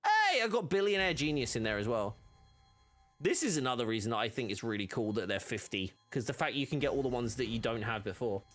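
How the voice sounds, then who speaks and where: A man's voice: medium pitch, big pitch swings, fairly quick, fairly bright tone, faint music behind. A young man live-streaming a game, talking casually and rambling with many restarts.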